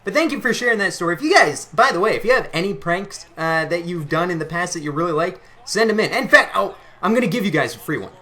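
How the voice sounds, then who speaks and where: A man's voice: sits high, animated, fast talker, hardly any pauses, pushed and bright. A young man hosting his channel, chatting casually and laughing at his own stories. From Canada. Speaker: channel host. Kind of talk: casual storytelling to camera.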